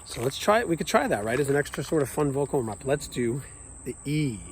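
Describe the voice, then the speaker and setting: A man teaching children a vocal warm-up outdoors at a nature center, upbeat and now and then singing the vowel sounds out. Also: mid-range voice, big pitch swings, quick pace, a little hiss or hum, poor audio. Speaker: music teacher.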